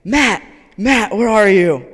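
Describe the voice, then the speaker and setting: A man voicing a group of rowdy, drunk young men loudly calling for their friend. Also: high-pitched, animated, slow, big-room sound, voice pushed up, full character voice. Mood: drunken shouting. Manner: loud, yelling.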